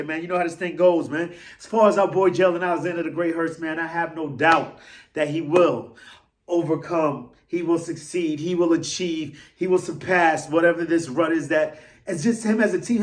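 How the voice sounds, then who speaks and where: A man rants in his fan vlog, his voice sitting high and jumping about with excitement. He rambles, drops slang and pokes fun at himself as he goes. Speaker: vlog host.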